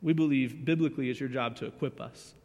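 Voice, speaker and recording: A man preaching in a church sanctuary, his voice ringing out with a long reverb tail. He talks earnestly and with feeling, rising loud and dropping to a hush. His pitch sits mid-range for a man. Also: fast talker, muffled recording. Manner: emotional, earnest, swings between loud and hushed. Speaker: youth pastor. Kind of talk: sermon.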